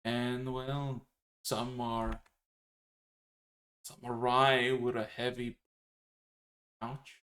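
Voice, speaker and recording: A man's voice: medium pitch, flat delivery, very slow, long pauses, a bit bright. A man playing a brusque, sardonic female magic teacher in a tabletop game. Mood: dry. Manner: curt, sardonic, rough-tongued. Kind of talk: tabletop role-play.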